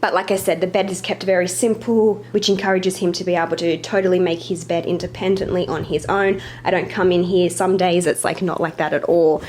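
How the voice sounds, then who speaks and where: A woman's voice: fairly low pitch, level tone, fairly quick, few pauses, darkish tone, slight background noise. A young woman giving a chatty home tour as a vlogger, a bit out of breath and apologizing now and then. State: slightly out of breath. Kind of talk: casual home tour narration.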